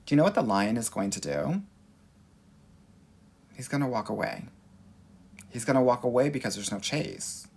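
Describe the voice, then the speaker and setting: Man, Valley accent, dating coach, sassy and animated, gravelly, raspy. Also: mid-range voice, moderate pace, pauses often. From Los Angeles. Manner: sassy, animated, reads viewer comments. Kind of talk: livestream Q and A.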